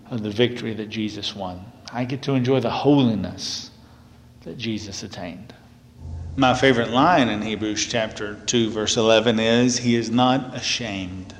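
A man's voice: medium pitch, slight background noise. A male minister giving a sermon in an earnest, conversational way, now and then laughing lightly. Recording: long hall reverb.

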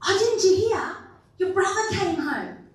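A woman doing a gushing, excitable servant. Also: extremely high pitch, unhurried, pitched above the performer's own voice, exaggerated voice. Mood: excited. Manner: breathless and chatty, full of fillers. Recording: echoey room, voice from a distant mic.

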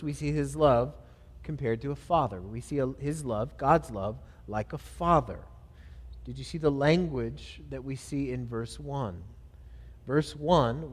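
A man preaching a sermon, reading scripture and praying earnestly, swelling to emphatic phrases and falling back soft. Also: medium pitch. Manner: earnest, reads scripture aloud and leads prayer; builds to louder emphatic phrases, then drops soft. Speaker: pastor. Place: church sanctuary. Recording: long hall reverb.

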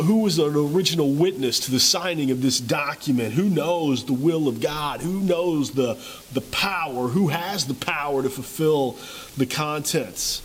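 A man's voice: mid-range voice, slight background noise, low-quality recording. A man preaching a sermon, retelling a scene dramatically with repeated rhetorical questions. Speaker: pastor.

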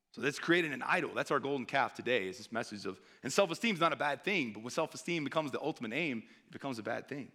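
Conversational preacher man, slightly high voice. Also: a bit bright. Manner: conversational, asks the audience often with "right?". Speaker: missionary preacher. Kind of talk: sermon.

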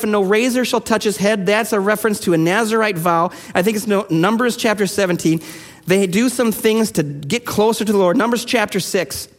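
High-voiced pastor preaching in a reverberant hall. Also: male voice. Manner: conversational, animated storytelling with rising intensity. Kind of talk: sermon.

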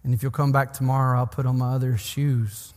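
Earnest preacher in a reverberant hall. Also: male voice, medium pitch, little pitch movement, a little fast, darkish tone. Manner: earnest, pastoral, rising emphatic repetitions. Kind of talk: sermon.

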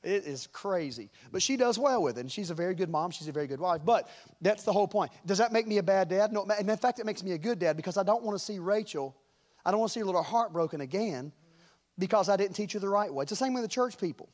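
High-voiced storytelling male pastor. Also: fast talker. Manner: storytelling, chuckling, animated. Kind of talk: sermon.

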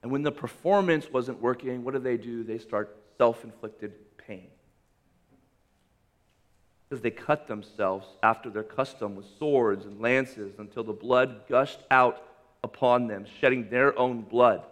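A man preaching a sermon, reading scripture aloud and commenting on it with humor and emphasis, swinging between loud raised lines and quiet, low drops. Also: measured pace. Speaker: pastor.

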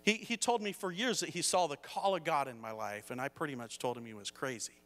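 A middle-aged male pastor with a fairly high, bright voice preaches in a church hall. He moves between storytelling and emphatic preaching. A long reverb trails behind his words. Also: fairly quick. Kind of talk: sermon.

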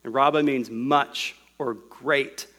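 A man's voice: medium pitch, steady tone, slow, fairly bright tone. A man preaching a sermon to a congregation in a room, explaining scripture word by word in a patient teaching tone.

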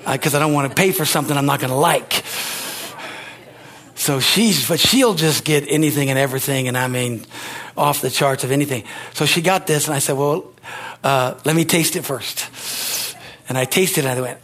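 A husky man preaching with fire in his voice. He talks a little high for a man and keeps pushing his listeners with urgent, repeated calls to act. His sentences tumble out with restarts and asides. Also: fairly quick. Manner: energetic, exhorting, rambling with restarts. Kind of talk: sermon.

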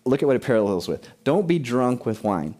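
A man's voice: medium pitch, very animated, brisk, warm tone. A middle-aged man preaching a sermon with emphasis, asking questions of his congregation. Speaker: pastor.

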